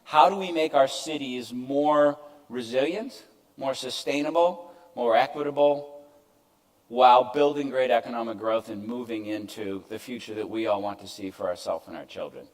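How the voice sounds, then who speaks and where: A man's voice: medium pitch, normal speed, poor audio. An older man giving a conference presentation to an audience, conversational with self-deprecating asides. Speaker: keynote speaker. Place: event stage before an audience.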